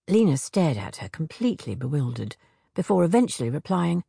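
A woman narrating a children's storybook with expressive reading and many character voices. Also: on the low side, moderate pace, creaky, slightly rough, dry recording, studio quality.

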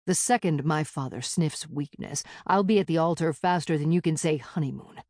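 A man's voice: a little high, normal speed, darkish tone, no room sound, studio quality, natural voice. A woman voicing a weary young male vampire prince who talks in short, clipped questions. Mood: dry, weary.

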